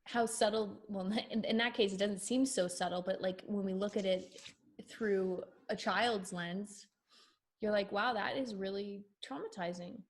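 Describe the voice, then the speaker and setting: A woman's voice: medium pitch, fairly even intonation, a little slow. A woman from the United States, a podcast guest, explaining ideas in a thoughtful, flowing, therapeutic way. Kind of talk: reflective podcast conversation.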